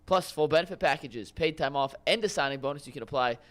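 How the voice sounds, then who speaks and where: A man hosting a sports talk show, steady as he runs segments and reads sponsor copy. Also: fairly high pitch, quick pace. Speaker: host.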